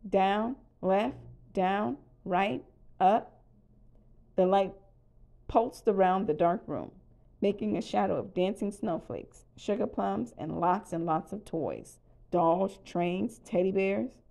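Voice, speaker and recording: A woman calmly narrating a children's storybook read-aloud. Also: medium pitch, creaky. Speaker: storybook reader.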